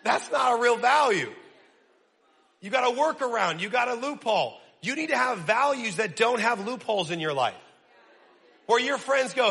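A man preaching a sermon, talking in an energetic, casual way with self-deprecating humor. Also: very high-pitched, normal speed, vocal fry, big-room sound. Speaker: pastor.

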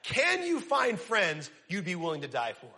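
A young man preaching a casual, energetic sermon, using slang and quizzing his audience. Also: sits high, normal speed, creaky. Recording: long reverb of a large hall.

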